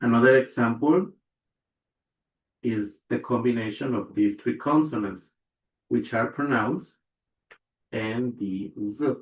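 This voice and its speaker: A man leads a pronunciation lesson at a slow, deliberate pace, repeating every example word and pausing to ask if listeners follow. His voice sits in an echoey room, and the recording sounds dull and lo-fi. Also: mid-range voice. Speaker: language teacher.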